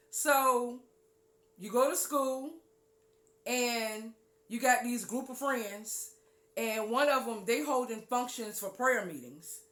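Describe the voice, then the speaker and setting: A woman hosts a spiritual talk show, delivering an animated teaching monologue in which she goes low and quiet on key points and acts out listeners' voices. The sound is roomy.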